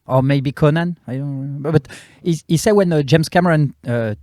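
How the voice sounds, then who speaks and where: A young man with a French accent, a comedian chatting in halting non-native English and laughing often. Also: fairly high pitch, mellow, dry recording, clean studio sound. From France. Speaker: guest comedian. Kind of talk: casual chat.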